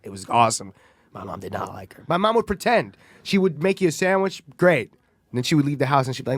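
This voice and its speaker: A man's voice: mid-range voice, lively intonation, quick pace, no echo. A young man from the Bronx, telling stories in a brash, profane, laughing way as a guest comedian on a casual podcast. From the Bronx, New York.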